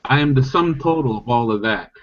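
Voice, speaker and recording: A man chatting casually on an online podcast, animated and mocking, often restarting sentences. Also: fairly quick, a little hiss or hum. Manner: animated, mocks opponents in high squeaky voices. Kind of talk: casual chat. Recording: lo-fi online call audio.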